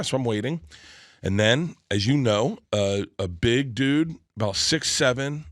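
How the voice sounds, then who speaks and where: A middle-aged comedian telling a comic story on a podcast, animated and quick to act out other people. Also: male voice, medium pitch, no echo, clean studio sound. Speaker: comedian guest.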